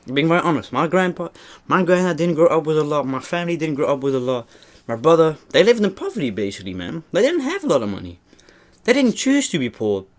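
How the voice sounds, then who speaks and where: Eating on camera for his mukbang vlog, a young adult man chats casually, earnestly and ramblingly, often addressing viewers as "man." He talks fast, in a fairly high voice with big pitch swings.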